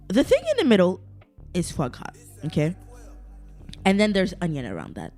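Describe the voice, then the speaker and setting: This podcast host, a young adult woman, delivers a casual, digressive solo rant full of swearing and exaggerated complaining. Her lowish, darkish voice swings hugely in pitch, keeping a measured pace with long pauses. Soft music plays in the background.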